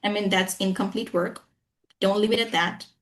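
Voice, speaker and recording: A woman's voice: medium pitch, fairly even intonation, normal speed, fairly bright tone. A woman English trainer speaking with an acquired American accent, talking emphatically in an interview and often asking "you know what I'm saying". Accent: American-style accent, acquired. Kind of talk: conversational interview.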